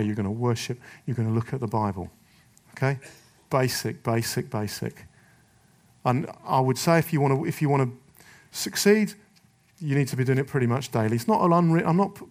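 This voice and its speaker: A middle-aged man preaching a rallying sermon to men, forceful and urgent, slipping into little voices to act out excuses. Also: mid-range voice.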